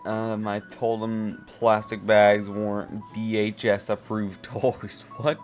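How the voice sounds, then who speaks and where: Man vlogger, casual reaction commentary, incredulous and mocking, lowish voice, faint music behind. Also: monotone, takes it slowly. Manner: incredulous, mocking, laughing, rambling with fillers.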